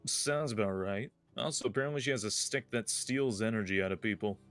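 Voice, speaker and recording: A man playing a tabletop game and giving short, agreeable replies in casual chat. His voice sits fairly low. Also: a little fast, a bit bright, faint music behind. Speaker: player.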